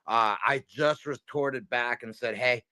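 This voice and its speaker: A man's voice: mid-range voice, measured pace, bright, forceful tone, no room sound. A man co-hosting a casual livestream chat, rambling through jokey banter. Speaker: co-host.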